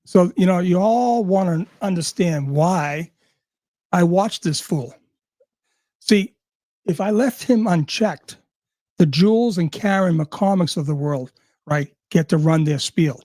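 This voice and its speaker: A man's voice: sits high, slow pace, a little mellow, no echo, studio quality. A man ranting angrily and sarcastically, swearing at almost every turn. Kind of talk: profane rant.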